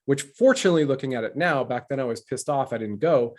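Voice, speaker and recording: Canadian male host, mid-pitched, preachy and emphatic, loves wordplay. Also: expressive, fast. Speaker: show host. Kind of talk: casual interview talk.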